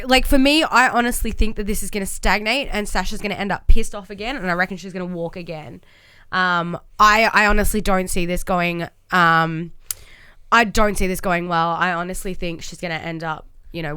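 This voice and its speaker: A woman's voice: medium pitch, fairly even intonation, normal speed, bright, forceful tone, smooth, no echo. A young woman, co-hosting a casual podcast and ranting heatedly with lots of swearing. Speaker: podcast co-host.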